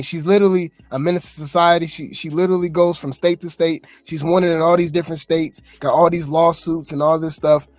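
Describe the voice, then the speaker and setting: A man's voice: a little high, no room sound. A man hosting gossip commentary, emphatic and full of rhetorical questions, on a dry close mic with faint music.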